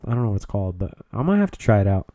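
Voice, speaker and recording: A man's voice: on the low side, big pitch swings, rapid-fire, dark tone, dry recording. A young man co-hosting a podcast, laid-back and casual, swearing now and then. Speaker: podcast co-host.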